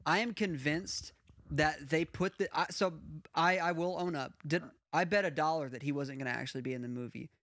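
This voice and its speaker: A man's voice: fairly high pitch, fairly quick, fairly bright tone, no echo. A man hosting a casual film discussion, talkative and laying out theories with frequent restarts.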